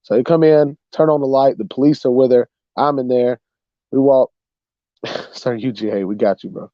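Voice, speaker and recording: A young man hosting a livestream, casually telling a funny story, animated and saying "bro" a lot. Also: mid-range voice, moderate pace, dry recording, lo-fi sound. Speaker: livestream host.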